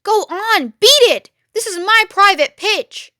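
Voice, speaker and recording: A woman's voice: very high-pitched, expressive, unhurried, sharp tone, dry recording, studio quality, voice pushed up, heavily acted. A woman voicing a small, rude male rat who shrieks at intruders in a storybook. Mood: shrill. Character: snappish little male rat guarding his cellar.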